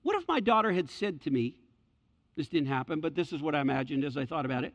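Here a middle-aged pastor talks fast and expressively, his voice a little high. His sermon repeats key phrases and dramatizes the characters he quotes, and the sound is muffled and lo-fi with reverb from the hall.

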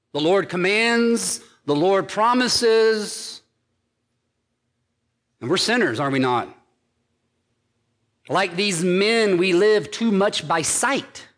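A pastor preaching a sermon, hammering his points home through steady repetition. His voice sits high for a man, and he talks at a slow, unhurried pace. The sound carries the long reverb of a church hall. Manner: emphatic preaching with repeated phrases.

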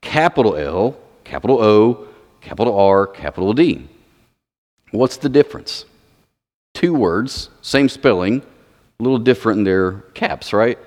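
A man's voice: fairly low pitch, animated, measured pace, a little mellow. A man preaching a sermon, explaining scripture and putting questions to the audience. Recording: long hall reverb.

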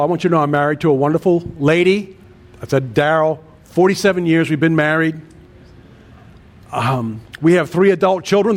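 A man in his sixties, a pastor preaching a sermon with an earnest cadence and emphatic repeated lists. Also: on the high side. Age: 60s.

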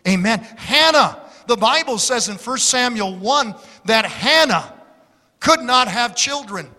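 Man, pastor, high bright voice, slow emphatic sermon, long hall echo. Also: lively intonation. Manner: emphatic preaching, repeating key words.

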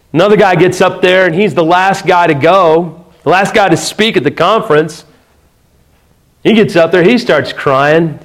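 A middle-aged pastor preaching to his church, his voice sitting a little high for a man. He tells a personal story in an earnest, unhurried way, with small restarts, and sinks quiet and low when he comes to tender points. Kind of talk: sermon.

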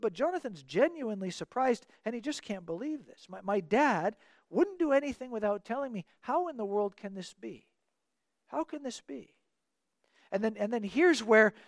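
A man's voice: sits high, no room sound, clean studio sound. A man teaching a Bible passage verse by verse in an earnest, explanatory way, acting out the quoted dialogue.

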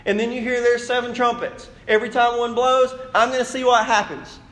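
A young man delivers a sermon in a church in a fairly high voice. He tells stories with lively energy and turns to the congregation with direct questions. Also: brisk. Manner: animated storytelling, addresses congregation directly. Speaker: pastor.

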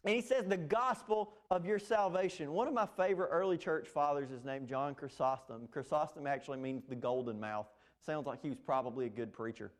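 A man's voice: fairly high pitch, fairly quick, hardly any pauses. A man preaching an expository sermon, earnest and emphatic, with fillers and restarts. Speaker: pastor.

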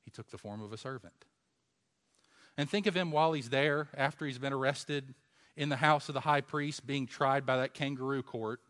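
A man preaching a sermon, asking rhetorical questions and swinging from a hush to loud emphasis. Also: mid-range voice.

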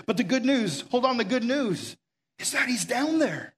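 A man's voice: very high-pitched, expressive, normal speed, fairly bright tone. A man preaching a conversational sermon as pastor, urgent and full of rhetorical questions. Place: room with a gathered audience.

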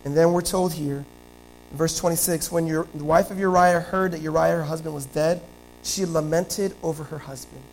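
A man preaching a sermon, retelling scripture in animated storytelling that swings between loud and soft. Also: a little high, normal speed, slight background noise, poor audio.

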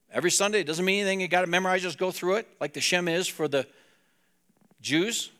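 Male pastor, gravelly slightly high voice, plain conversational preaching. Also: fairly bright tone. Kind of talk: sermon.

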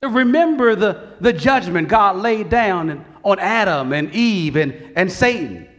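A man preaches slowly and earnestly in a very high voice, his pitch rising and falling with feeling. His words echo through the long reverb of a church hall. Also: animated, a bit bright. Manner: earnest preaching, rising on quoted cries to God. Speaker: pastor. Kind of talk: sermon.

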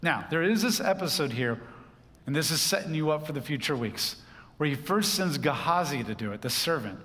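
A man's voice: on the high side, lively intonation, fairly quick, sharp tone. Man preaching in a reverberant hall. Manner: conversational Bible teaching with asides. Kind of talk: sermon.

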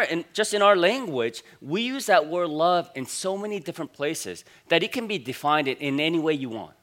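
A pastor in his forties preaching a sermon in a church, in a relaxed, conversational storytelling way with plenty of "uh" and "you know" fillers. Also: on the high side. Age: 40s.

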